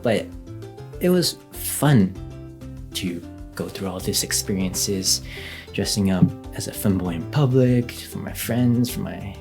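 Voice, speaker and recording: A man's voice: deep voice, expressive, slow, vocal fry, darkish tone, soft background music. A young man telling a casual story as a vlogger, chatty, with lots of fillers and light laughs.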